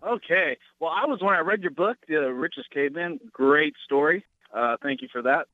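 A man's voice: fairly high pitch, expressive, normal speed, no echo. A man calling in to a radio program, asking an eager question. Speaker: caller. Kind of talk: call-in question. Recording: distant tinny phone line.

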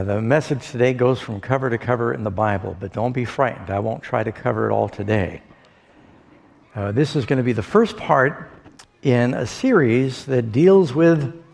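A pastor giving a sermon, telling stories folksily with pauses and fillers. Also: male voice, mid-range voice, vocal fry, darkish tone. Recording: long hall reverb.

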